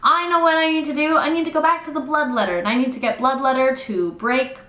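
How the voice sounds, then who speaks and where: A woman's voice: sits high, fairly even intonation, quick pace, fairly bright tone. A young woman voicing a lovesick, dramatic teenage heroine with a whiny delivery. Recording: roomy echo.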